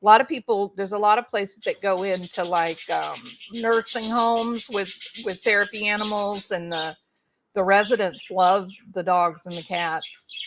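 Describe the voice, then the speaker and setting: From her home, a middle-aged woman hosts a laid-back livestream, reading the chat and talking to viewers by name in a folksy manner. She speaks a little slowly in a steady, mid-range voice, with a noisy background behind her.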